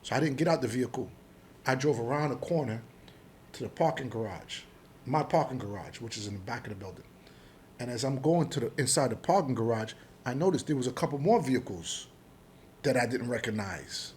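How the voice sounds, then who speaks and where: A middle-aged man from Jamaica, telling his story as a podcast guest in an animated, profane way, acting out the dialogue. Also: mid-range voice, brisk, a little hiss or hum. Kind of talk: casual storytelling interview.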